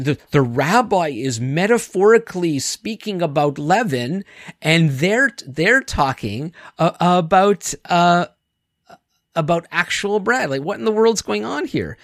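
A man's voice: on the high side, measured pace, no echo, clean studio sound. A male pastor giving a conversational sermon, acting out quotes and often restarting words. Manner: conversational, animated, acts out quotes, repeats words.

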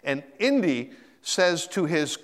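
Slow and a little high, a middle-aged pastor's voice fills the large hall of a church sanctuary as he gives a sermon. He acts out quotes with sudden shifts in his voice, animated throughout, and repeats words as he works out what to say.

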